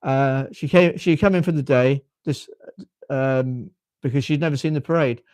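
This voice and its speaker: Speaking at a normal pace in a mid-range, somewhat mellow and smooth voice, a well-spoken British man in his fifties hosts a relaxed live chat. He often halts to say his words again, and the UK speaker is captured in a dry recording.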